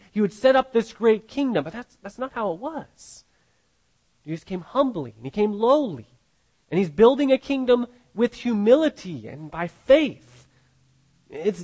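Guy pastor giving a sermon, pretty high voice, earnest, repeats himself a lot. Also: rough recording. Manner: earnest, repeats words as he restarts.

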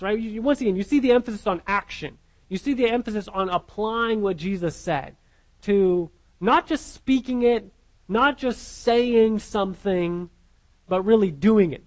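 In a rough recording, a high-voiced man preaches an earnest sermon, repeating his words and posing questions to his listeners.

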